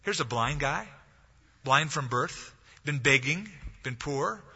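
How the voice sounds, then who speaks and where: A man's voice: fairly high pitch, expressive, takes it slowly, pushed and bright, husky. A man preaching a sermon as pastor, telling a story and acting out the voices of the people in it. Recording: dull lo-fi audio, long hall reverb.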